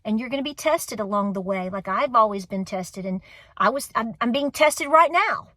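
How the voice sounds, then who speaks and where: In a dry recording, a woman's fairly high, expressive voice moves at a moderate pace with a slightly bright quality. She's a Southern US homestead channel host in her forties, near tears as she talks earnestly and encouragingly to viewers, repeating phrases for emphasis.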